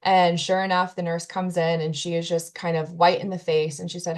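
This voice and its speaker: An earnest woman with a slightly low voice tells a personal story in an interview. She recounts events with feeling and quotes what others said along the way. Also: flat delivery, normal speed, hardly any pauses, a little mellow. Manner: earnest, emotional retelling with quoted dialogue. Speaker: guest telling her story.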